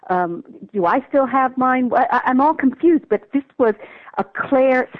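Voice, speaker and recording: Woman on a tinny phone line, dry sound, middle pitch, lively emphatic storyteller, interview guest. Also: dry recording. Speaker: guest author. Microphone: telephone.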